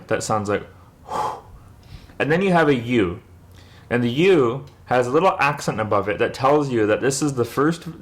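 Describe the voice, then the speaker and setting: A young man with a medium-pitched, fairly bright voice patiently teaches how to pronounce a word. He repeats each sound so the listener can copy it.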